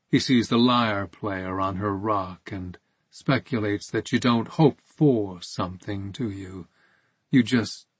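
A man reading a story aloud in a measured, calm narration. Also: lowish voice, breathy edge, no room sound. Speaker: audiobook narrator. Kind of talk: scripted narration.

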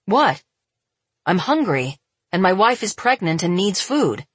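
A woman's voice: medium pitch, sing-song, unhurried, breathy edge, no room sound. A woman voicing a blunt young man who speaks matter-of-factly, as an audiobook reader. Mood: defensive. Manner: matter-of-fact, offhand. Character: blunt, careless older brother, young man.

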